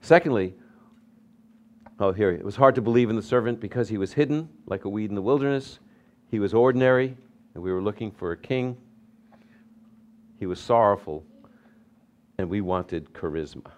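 A pastor preaching a sermon, telling stories with lively swings between loud emphasis and soft asides. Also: male voice, on the low side, moderate pace, pauses often.

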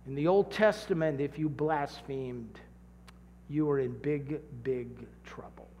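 A man preaches in a high, carrying voice, taking his time over every phrase. He tells stories and punctuates them with sudden shouts and long, stretched-out words. The sound rings with the long reverb of a large hall. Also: slight background noise. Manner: storytelling, with dramatic shouts and drawn-out emphasis. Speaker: pastor. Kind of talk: sermon.

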